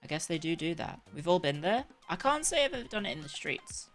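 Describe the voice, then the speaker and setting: A woman's voice: on the low side, very animated, brisk, fairly bright tone, faint music behind. A young woman chatting casually on a live stream, rambling and correcting herself as she goes.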